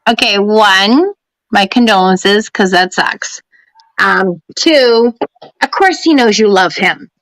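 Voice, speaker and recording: A woman's voice: mid-range voice, animated, slow pace, a bit bright, no room sound, rough recording. A woman doing psychic readings on a live stream in a chatty, laughing way, at home. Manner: chatty, laughing, talks to her pets. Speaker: psychic medium. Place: home during a power outage.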